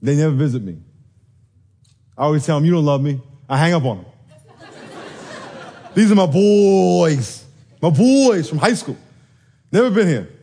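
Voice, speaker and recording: A man preaching a sermon, telling stories with animated energy and acting out the quoted voices. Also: on the high side, a little slow, pauses often, slightly rough. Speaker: pastor.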